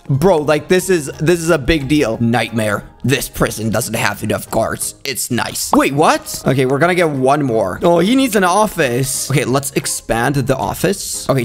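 A man hosting a playful game commentary video, acting as a bossy prison cop and jumping into high yelps when he panics. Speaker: gaming video host. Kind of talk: playful let's-play commentary.

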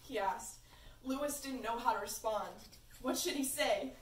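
A woman's voice: on the high side, a little slow, far from the mic. A young woman reading her fan fiction aloud at a party in an amused, informal way. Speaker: reader. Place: room at a birthday party. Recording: echoey room from afar, faint noise.

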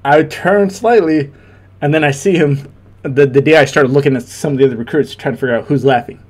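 A man's voice: fairly high pitch, a little fast. A young man and former Marine giving casual reaction commentary, laughing often and rambling with many restarts.

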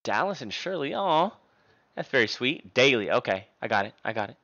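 A man's voice: medium pitch, very animated, fairly quick, fairly bright tone, muffled recording. A man in his twenties streaming live, chatting playfully and thanking viewers by name. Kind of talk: casual stream chat.

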